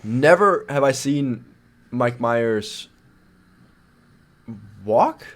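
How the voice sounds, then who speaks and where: A man co-hosting a casual podcast, animated and playful, often restarting his sentences. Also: mid-range voice, very slow, noisy background. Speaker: podcast co-host. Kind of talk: casual chat.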